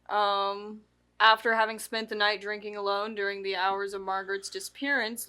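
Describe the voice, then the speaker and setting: A woman's voice: mid-range voice, bright, forceful tone. A woman co-hosting a podcast, reading out a plot summary and stumbling over words. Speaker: podcast co-host.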